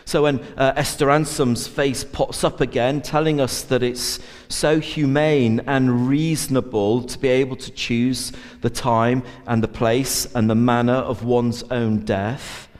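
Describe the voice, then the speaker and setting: Man preaching, earnest, lots of uh and repeats, slow delivery, long hall reverb. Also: mid-range voice, fairly even intonation. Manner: earnest, many uh fillers and repeated words. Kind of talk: sermon.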